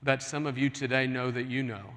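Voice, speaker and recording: Earnest pleading pastor in a big hall. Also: male voice, mid-range voice, level tone, a little fast, fairly bright tone. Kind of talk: sermon. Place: large church sanctuary. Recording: long hall reverb.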